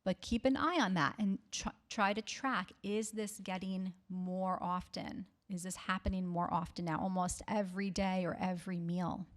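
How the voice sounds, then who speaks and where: A woman's voice: lowish voice, fairly even intonation, moderate pace, hardly any pauses. A woman speech therapist giving a health talk to the public, reassuring and often checking in with "okay?". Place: library talk.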